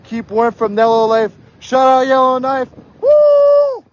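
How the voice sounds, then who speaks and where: A hoarse young man livestreaming outdoors on a snowy street, excitedly yelling shout-outs to viewers. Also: very high voice, moderate pace, highs cut off. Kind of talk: live stream reading out viewer donations.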